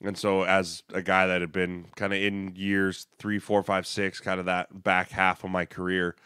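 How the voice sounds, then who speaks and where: A man's voice: sits low, monotone, bright, forceful tone, smooth, no room sound, clean studio sound. A man co-hosting a football podcast, talking through team moves in a chatty, analytical way. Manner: chatty and analytical, with quick asides. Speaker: podcast co-host, former NFL lineman. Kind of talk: casual podcast chat.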